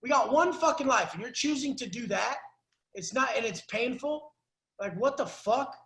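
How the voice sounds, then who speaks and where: A man's voice: very high-pitched, lively intonation, moderate pace, gravelly, a bit bright, roomy sound. A man coaching a caller in a blunt, profane, preachy way. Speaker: life coach. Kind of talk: coaching call.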